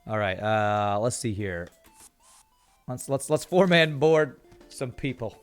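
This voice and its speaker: A man's voice: medium pitch, animated, takes it slowly, smooth, soft background music. A man from California streaming a game, chatting to viewers in a rambling way and often repeating words while he thinks. He sounds tired after a busy season. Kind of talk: casual gameplay commentary with chat.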